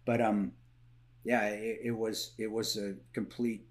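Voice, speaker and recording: A man's voice: on the low side, little pitch movement, a little slow. A man as a podcast guest, telling stories in casual conversation, blunt and swearing, often restarting and repeating words.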